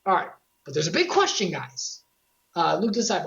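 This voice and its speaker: A woman streamer recapping a video game series in casual commentary, excitable and joking, with quick asides to her chat. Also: mid-range voice, lo-fi sound.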